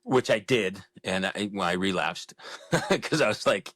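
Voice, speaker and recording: Low, dry-voiced man in his fifties. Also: lively intonation, a little slow, a bit bright, husky, no room sound. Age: 50s. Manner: frank and self-deprecating, with frequent restarts. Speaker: podcast guest. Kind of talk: candid interview conversation.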